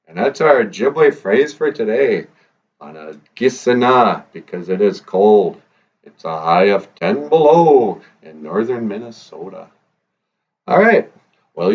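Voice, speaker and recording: Playful man, husky voice, with guitar. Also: fairly low pitch, sing-song, measured pace, pauses often, a little mellow, far from the mic. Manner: playful, joking, strums guitar and sings bits. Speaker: podcast host. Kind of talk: casual language lesson vlog. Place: northern Minnesota. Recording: muffled lo-fi recording with faint guitar.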